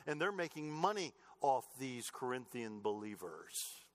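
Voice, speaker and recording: A middle-aged man preaching a sermon, telling family stories earnestly, moving between loud emphatic lines and soft, low asides. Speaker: pastor.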